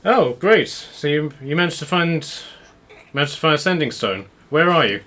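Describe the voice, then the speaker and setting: A man doing a brisk officer on a sending stone. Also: a little high, expressive, a bit bright, pitched above the performer's own voice. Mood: businesslike.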